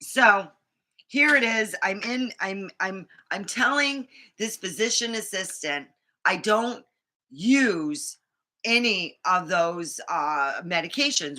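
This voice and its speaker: Lady venting on her vlog, super bright voice, rambly and fired up. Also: on the low side, slow. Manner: rambling, indignant storytelling with acted-out quotes. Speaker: vlogger. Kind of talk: casual monologue.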